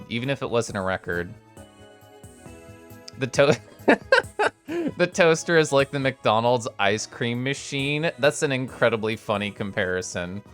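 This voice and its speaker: Young adult streamer, casual stream chat, playful, growly little noises, animated pitch, faint music behind. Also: a little slow. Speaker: livestreamer and artist showing fan art.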